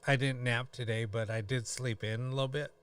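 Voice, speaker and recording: A tired man hosting a live stream, chatting casually in a halting way with many pauses and fillers. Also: medium pitch, steady tone, fairly bright tone, clear, resonant tone, no echo, distant mic. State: tired, yawning.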